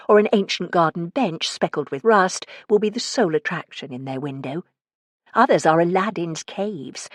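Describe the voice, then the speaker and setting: A woman narrating a cozy mystery audiobook in a calm, wry storytelling manner. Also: deep voice, no echo. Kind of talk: scripted narration.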